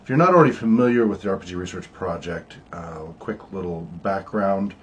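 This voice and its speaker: An older man with a very deep voice hosts an online meeting in a casual, halting way, full of ums and uhs. His breathing is wheezy and he coughs now and then. A faint hum of the room sits behind him. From United States. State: wheezy, coughing from asthma and smoke. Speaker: research project director hosting an online meeting. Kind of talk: casual informative talk.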